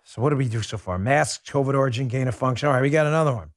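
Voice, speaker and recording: A man's voice: mid-range voice, racing, no room sound, studio quality. A man hosting a political talk show, speaking to his listeners in a fervent monologue full of rhetorical questions. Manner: addresses listeners as folks.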